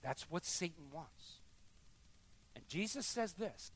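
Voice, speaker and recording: A man with a high, light voice preaching as the pastor of a church. He swings between hushed, intimate murmurs and loud, emphatic bursts, and turns to prayer before communion. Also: expressive, normal speed. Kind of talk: sermon. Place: church sanctuary.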